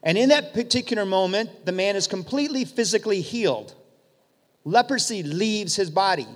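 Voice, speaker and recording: Man preaching, high voice, tells stories vividly, talks right to the congregation. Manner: vivid storytelling, addresses the congregation. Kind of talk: sermon. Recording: long hall reverb.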